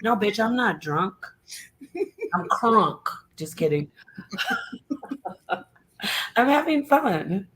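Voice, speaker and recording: A woman hosting a casual livestream, loud and playful, joking with her chat and breaking into sing-song bits. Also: mid-range voice, sing-song, drawn-out words, long pauses. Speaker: livestream host.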